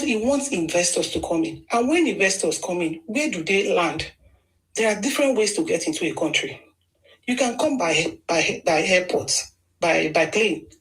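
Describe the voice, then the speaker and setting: A Nigerian woman delivers forceful political commentary, pressing her points and circling back to repeat them. Her pitch sits in a middle range for a woman, and she argues with steady insistence. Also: low-quality recording. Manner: emphatic, argumentative, repeats phrases for stress.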